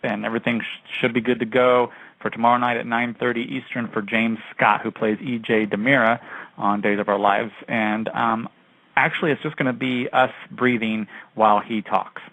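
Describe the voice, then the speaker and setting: A man's voice: mid-range voice, level tone, moderate pace, a bit bright, dry recording, poor audio. A man co-hosting a casual chat radio show, talking in a gushing, rambling way. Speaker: co-host. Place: home studio, call-in radio show.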